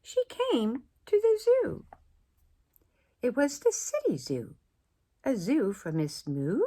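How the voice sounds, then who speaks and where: A woman preschool teacher reads a picture book aloud to children. Her voice is breathy and sweeps widely in pitch, and she often drops to a whisper. She reads at an unhurried pace. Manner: expressive, often dropping to a whisper.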